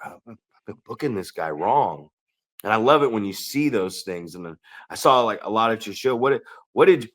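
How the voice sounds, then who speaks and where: A man co-hosting a wrestling podcast, telling excited stories in a casual, profane way and acting out what others said. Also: medium pitch. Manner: animated, swearing storyteller who acts out quotes. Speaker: podcast co-host.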